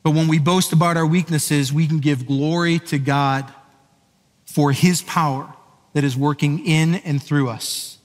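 Male pastor, conversational sermon delivery, slightly high voice. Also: fairly even intonation, measured pace. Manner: conversational storytelling, asks the audience questions. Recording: echoey hall.

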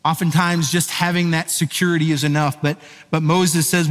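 A man's voice: fairly high pitch, little pitch movement, moderate pace, few pauses, a bit bright. Man preaching a sermon in an echoey hall. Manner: conversational storytelling, asks the audience questions. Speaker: pastor.

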